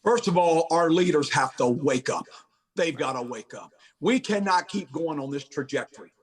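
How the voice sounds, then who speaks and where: A man, a county sheriff speaking forcefully as a podcast guest, repeating his points for emphasis. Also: on the high side, animated, moderate pace, husky, recorded from a distance. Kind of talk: podcast interview.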